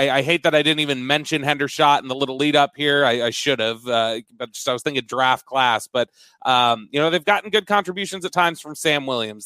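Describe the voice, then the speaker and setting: A man's voice: fairly high pitch, bright, forceful tone, no room sound. A man hosting a casual sports talk show, conversational and steering the segment, with frequent stammered restarts. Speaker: host.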